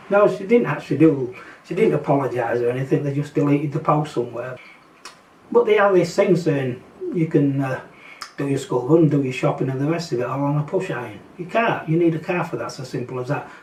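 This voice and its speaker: A man's voice: on the high side, darkish tone, a little hiss or hum. A man with a Yorkshire accent, ranting bluntly and sarcastically in a casual vlog, rambling with fillers and mocking asides. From Yorkshire, England. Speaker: vlogger. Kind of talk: casual opinion rant. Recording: roomy echo, distant from mic.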